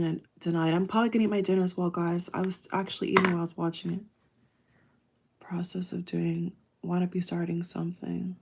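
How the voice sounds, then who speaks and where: A woman's voice: medium pitch, darkish tone. Chatty woman live-streaming a casual reaction. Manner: chatty and effusive, many fillers, addresses viewers as guys. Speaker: YouTuber doing a live reaction. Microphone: wireless earbuds.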